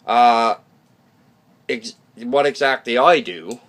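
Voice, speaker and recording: A man's voice: mid-range voice, takes it slowly, fairly bright tone. A man talking casually to his channel viewers in a blunt, rambling monologue, often restarting sentences and checking in with "okay?", with some mild swearing. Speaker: YouTube channel host.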